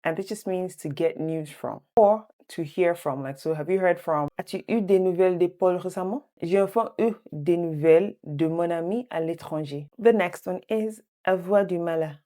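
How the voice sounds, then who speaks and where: Mellow-voiced woman teaching French. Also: on the low side. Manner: repeats each phrase slowly, chatty asides. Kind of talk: online language lesson.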